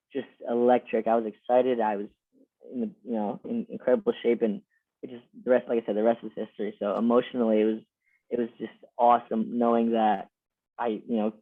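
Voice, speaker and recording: A twenty-something former college wrestler from Pennsylvania's Lehigh Valley tells stories in a casual interview, his voice mid-range. He's loose and repetitive, leaning on "like" and "you know," and the audio is dry and tinny like a phone, with no room sound.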